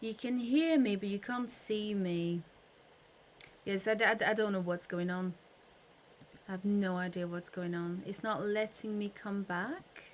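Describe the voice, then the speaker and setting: A woman hosting a casual live stream chat, chatty and thinking aloud with quick restarts. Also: medium pitch, a little hiss or hum.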